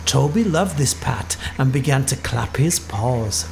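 A woman reading a children's story aloud with expressive delivery. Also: very deep voice, measured pace, gravelly, a little hiss or hum.

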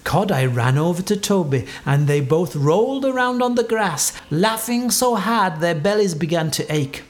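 A woman narrating a children's storybook in a lively, expressive way. Her voice sits on the lower side, and her pitch moves a lot as she tells it. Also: moderate pace.

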